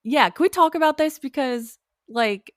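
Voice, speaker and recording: A woman co-hosting a relaxed podcast, her pitch moving up and down a lot as she talks. She chats easily and laughs often, filling her talk with likes and other fillers. The sound is dry and close to the mic. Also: a little slow, no echo. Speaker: podcast co-host. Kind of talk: casual podcast chat.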